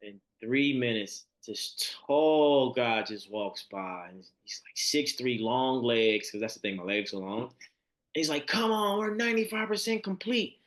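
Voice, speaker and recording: Male podcast guest, lowish voice, animated storyteller who acts out the quoted lines. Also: measured pace. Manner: animated storyteller who acts out quotes, swinging between hushed and high excited tones. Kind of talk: storytelling in a conversational interview.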